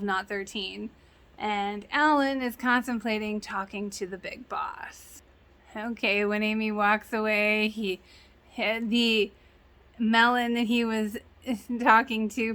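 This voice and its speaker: A woman casually recapping and reacting to a TV episode, chatty and quick to laugh. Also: medium pitch, pushed and bright. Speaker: reaction channel host.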